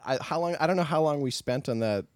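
A man hosting a casual movie podcast, chatting in a relaxed, rambling way with friends. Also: a little high, quick pace, no room sound, clean studio sound. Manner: shouty over-the-top hype intro, then relaxed chatty rambling. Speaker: podcast host.

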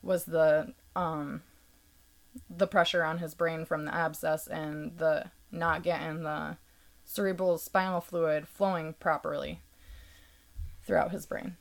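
A woman with a lowish voice talking through a hard experience in plain terms. She takes her time, stops on ums and likes, and picks her words with care. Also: level tone, slow pace, creaky. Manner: earnest, explaining carefully with fillers. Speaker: podcast guest. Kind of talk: casual conversational explanation.

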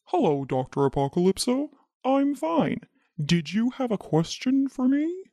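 A woman's voice: fairly high pitch, sing-song, unhurried, warm tone, no room sound, studio quality, full character voice. A woman voicing a mild, absent-minded middle-aged dad in a children's audio drama, polite and easygoing.

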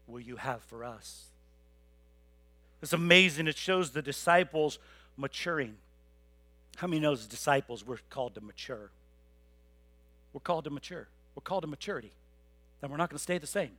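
A male pastor delivering a passionate sermon to his congregation, swinging from loud rallying appeals to low, quiet emphasis. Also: lively intonation, moderate pace, pauses often, dry recording. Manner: passionate preaching, swelling loud then dropping low; repeats words, conversational asides to the congregation. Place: church.

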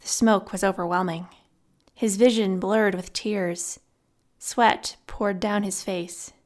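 Slow, measured woman narrating a story. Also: medium pitch, fairly even intonation. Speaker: audiobook narrator. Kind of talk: scripted narration.

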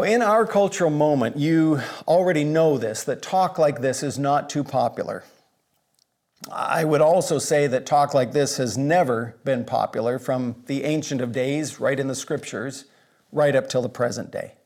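A man preaching a sermon in an earnest, measured way, pausing for emphasis. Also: on the high side, a little mellow. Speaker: pastor.

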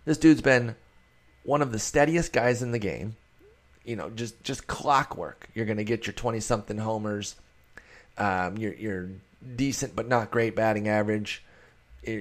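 A man's voice: lowish voice, normal speed. A man hosting a solo fantasy baseball show, talking casually and rambling in a self-deprecating way. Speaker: fantasy baseball podcast host.

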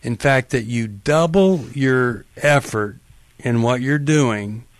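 A man's voice: mid-range voice, slow pace, no room sound. A male radio talk show host giving earnest, emphatic and empathetic advice to callers in a studio.

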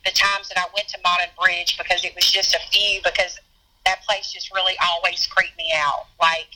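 A woman's voice: fairly low pitch, level tone, moderate pace, pushed and bright, low-quality recording. A woman talking in an offhand, conversational way. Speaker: interviewee. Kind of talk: casual chat.

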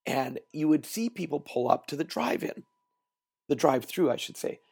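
A man hosting a solo motivational podcast, telling stories in an animated way and repeating words for emphasis. He is recording while traveling. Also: a little high, normal speed, creaky, slightly rough. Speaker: podcast host and trainer.

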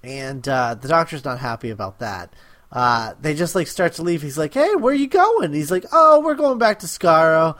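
A man's voice: a little high, animated, moderate pace, pushed and bright. A man co-hosting a podcast, recapping a story enthusiastically and acting out quotes with laughter. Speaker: podcast co-host. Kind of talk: casual podcast chat.

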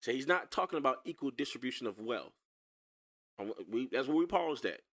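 Speaking briskly in a medium pitch, a man offers sarcastic, animated reactions to a video clip. He addresses his viewers casually and repeats himself often.

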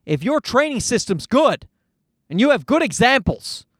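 A man's voice: very high-pitched, big pitch swings, normal speed, husky, dry recording, studio quality. A man from Canada hosting a podcast, ranting in a casual, profane, worked-up way. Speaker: podcast host. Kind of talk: casual solo rant.

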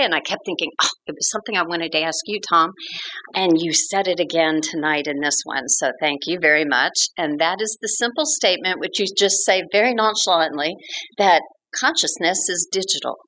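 A woman from the audience asks a question in a friendly, slightly hesitant way, pausing on "um"s. Her voice sits a touch low but rings bright and clear. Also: poor audio. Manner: friendly, a little hesitant, many "um"s. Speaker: audience member asking a question. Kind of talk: question from the floor.

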